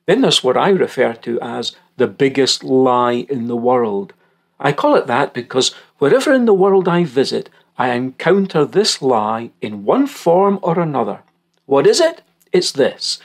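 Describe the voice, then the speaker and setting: Lively, gravelly-voiced male Bible teacher. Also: mid-range voice. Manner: earnest, measured teaching delivery with emphatic stresses; reads scripture passages aloud. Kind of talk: recorded Bible teaching talk.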